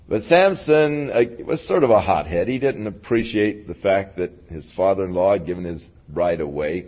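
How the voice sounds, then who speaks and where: A man's voice: deep voice, expressive, moderate pace, dull audio. Folksy man teaching a Bible lesson. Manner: folksy and conversational. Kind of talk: casual Bible lesson storytelling.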